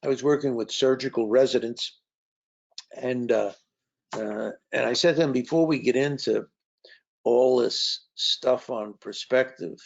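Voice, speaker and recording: On a dull lo-fi recording, an author and speaker shares anecdotes in a conversational talk, with plenty of fillers. He speaks at a measured pace in a mid-range voice with vocal fry.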